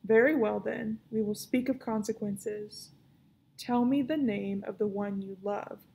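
A woman reading aloud and voicing a cold, greedy old witch who counts her gold, speaking slowly and curtly. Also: medium pitch, fairly even intonation, vocal fry, darkish tone, breathy edge, rough recording. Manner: slow, cold, clipped.

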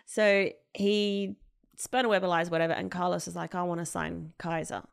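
A woman's voice: on the low side, fairly even intonation, normal speed, gravelly, clear, resonant tone. A woman co-hosting a podcast, retelling a story in casual chat with lots of fillers and acted-out quotes. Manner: chatty, many fillers, acts out quoted people. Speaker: podcast co-host.

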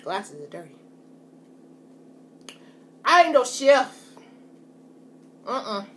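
A woman on the high side in pitch talks slowly yet very animatedly to her viewers as she eats on camera. This food vlogger's mukbang chat is casual and folksy, full of "y'all."

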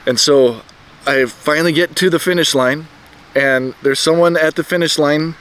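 A middle-aged man casually telling a story about himself outdoors, rambling and halting with many restarts and fillers. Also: a little high, a bit bright. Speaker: vlogger telling a personal story. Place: outdoors, birds nearby.

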